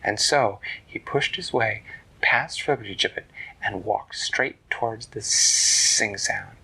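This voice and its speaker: A man narrating a bedtime story in a hushed, slow, gentle whisper. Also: fairly low pitch, gravelly, breathy edge, rough recording.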